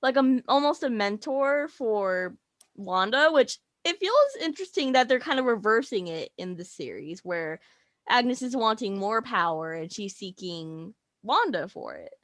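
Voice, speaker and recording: A woman's voice: fairly high pitch, animated, unhurried, a bit bright, dry recording. A woman co-hosting a casual review chat, thinking aloud and musing over open questions. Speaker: co-host.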